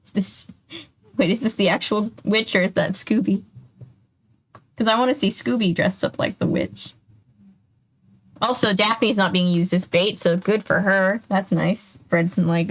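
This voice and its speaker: A woman's voice: medium pitch, steady tone, unhurried, long pauses, low-quality recording. A young woman casually reading a children's mystery book aloud, breaking in with chatty asides.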